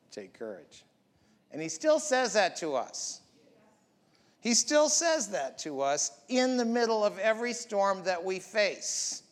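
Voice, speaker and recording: A man's voice: high voice, lively intonation, a little slow. A man preaching a sermon as pastor, building up with emphatic repeated lines. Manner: preaching with rising, emphatic repetition. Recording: long hall reverb.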